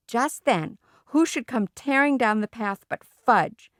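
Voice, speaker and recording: A woman reading a children's book aloud in a plain, steady storytelling voice. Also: on the high side, takes it slowly, few pauses, no echo, clean studio sound. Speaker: audiobook reader.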